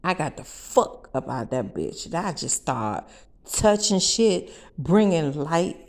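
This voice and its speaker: A woman telling a wild first-person story for a vlog, brash and profane, with loud bursts and asides to her viewers. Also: low voice, big pitch swings, slow pace, creaky.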